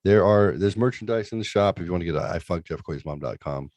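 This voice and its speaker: Middle-aged male host, deep voice, dry close sound, loose crude joking banter. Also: expressive, fast, a little mellow, no echo. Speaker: podcast host. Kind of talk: casual chat.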